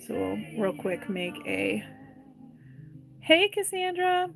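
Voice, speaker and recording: A woman's voice: medium pitch, sing-song, takes it slowly, vocal fry, over music, rough recording. A woman leading a live craft tutorial, talking through each step unhurriedly and chatting with viewers' comments as she works. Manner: chatty, reads and answers live viewer comments between steps. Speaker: jewelry maker demonstrating wire wrapping.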